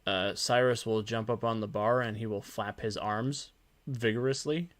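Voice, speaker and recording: A man with a lowish voice runs a tabletop game as its game master. He describes scenes in a halting way, with pauses to find his words. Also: fairly even intonation, no echo.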